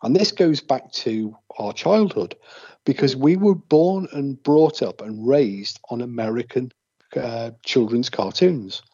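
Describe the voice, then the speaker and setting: A man's voice: medium pitch, expressive, takes it slowly, warm tone, husky. An English man with an English accent, chatting casually and telling jokey, rambling stories. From England. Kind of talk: casual chat. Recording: muffled lo-fi recording.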